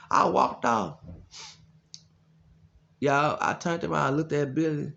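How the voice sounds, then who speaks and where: A man talking as a life coach in a blunt, profane, casual rant, telling stories with loud quoted voices. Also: fairly high pitch, takes it slowly, creaky, pauses often, muffled recording.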